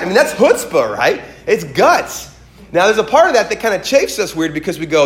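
Male pastor, slightly high voice, animated sermon storyteller, echoey church room. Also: a little fast. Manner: animated storytelling, voices quoted characters, rises to emphatic peaks.

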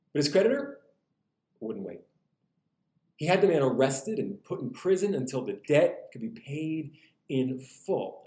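Animated man preaching in a roomy space. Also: fairly high pitch. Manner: animated, humorous, conversational preaching. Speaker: pastor. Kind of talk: sermon. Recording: roomy echo.

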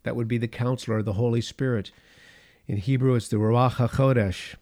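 A middle-aged man preaching a sermon with dramatic pauses and big swings in loudness. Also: medium pitch, fairly even intonation. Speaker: pastor.

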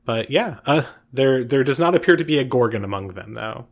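A man narrating as game master of a tabletop game, relaxed and filling pauses with uh and um. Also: medium pitch. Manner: relaxed, frequent uh and um fillers.

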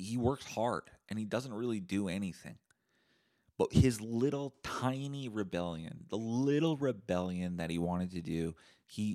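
A man's voice: on the low side, a little mellow. A man from Canada hosting a solo podcast, ranting in a profane, sarcastic way. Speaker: podcast host.

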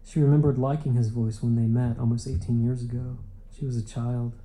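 Male audiobook reader, deep mellow tone, steady unhurried pace. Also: poor audio. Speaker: audiobook narrator. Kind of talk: literary audiobook narration.

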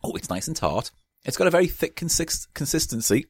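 A man's voice: a little high, very animated, fairly quick, slightly rough, dry recording, clean studio sound. Chatty man with toothache. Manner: chatty, rambling, mock-posh asides. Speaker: podcast guest. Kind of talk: casual comedic chat. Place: small enclosed booth.

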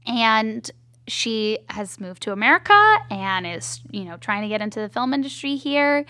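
A woman filmmaker chatting in an interview, telling stories in a lively, talkative way. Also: on the high side, moderate pace, dry recording. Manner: chatty, animated storytelling. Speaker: indie filmmaker guest. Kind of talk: casual interview chat.

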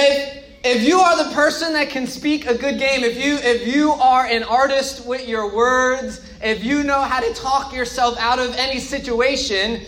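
A man's voice: very high voice, a bit bright. A man giving a conversational sermon as a pastor, speaking informally, repeating key phrases and asking the audience questions. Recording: echoey room.

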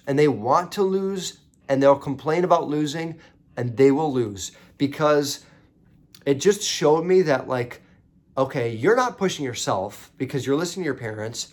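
A young man telling a story as a podcast host, casual and profane, rising into indignant ranting. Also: on the high side.

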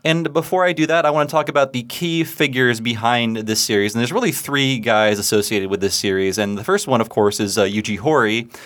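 A man's voice: mid-range voice, fairly quick, few pauses, fairly bright tone. A man hosting a podcast, talking loosely and chattily with frequent fillers. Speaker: podcast host. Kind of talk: casual podcast chat.

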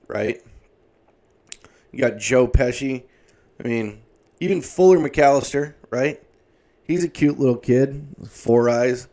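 A man's voice: medium pitch, unhurried, pauses often, warm tone. A man in his thirties ranting comedically, exasperated and swearing heavily. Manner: profane, exasperated, heavy swearing. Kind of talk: comedic rant.

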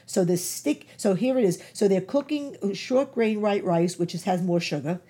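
A woman's voice: medium pitch, normal speed, dark tone, slightly rough. A woman giving informal nutrition advice, emphatic, repeating key words and using many fillers. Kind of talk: informal health talk.

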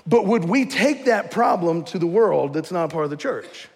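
A pastor with a notably high voice preaches to his congregation. He talks in a folksy, conversational way, often checking in with rhetorical questions. His voice rings out with a long reverb from the church hall. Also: animated, moderate pace. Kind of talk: sermon.

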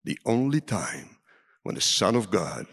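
A man preaching a sermon in a large hall, dramatic, swinging from loud calls down to near whispers. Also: fairly low pitch, very animated, a little slow, slightly rough. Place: large hall with a seated audience. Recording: reverberant hall.

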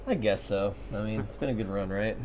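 A man's voice: on the low side, a little fast, a little mellow, slight background noise. A man co-hosting a podcast, chatting casually with sarcasm, swearing and lots of fillers. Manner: sarcastic, rambling with fillers and mock voices. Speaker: podcast co-host. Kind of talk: casual profane banter. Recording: dull lo-fi podcast audio.

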